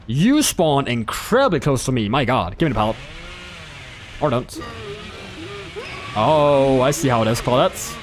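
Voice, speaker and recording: A man giving playful, joking commentary over his own gameplay, talking to the players he chases and laughing at his own lines. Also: medium pitch. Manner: playful, joking, self-amused. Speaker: gameplay streamer. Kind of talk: live game commentary.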